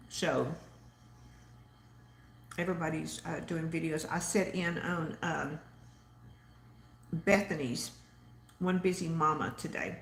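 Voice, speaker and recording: Southern-accented woman, chatty live-stream host, somewhat low voice, in a roomy echo. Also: creaky. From Texas. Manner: chatty and rambling, reads viewer comments aloud. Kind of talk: casual live-stream chat.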